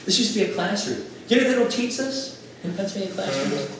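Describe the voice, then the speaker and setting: A man delivers a campaign stump speech in a high voice that swings widely as he acts out quotes with animation. He is captured by a camera far across an echoey former classroom, with steady background noise. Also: fast. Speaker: political candidate. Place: former classroom at a local meeting.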